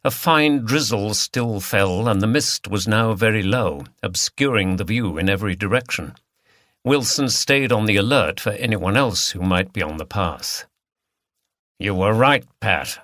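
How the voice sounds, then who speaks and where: A man's voice: fairly low pitch, expressive, moderate pace, a bit bright, no echo, studio quality. Man narrating a crime audiobook. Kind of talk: scripted narration.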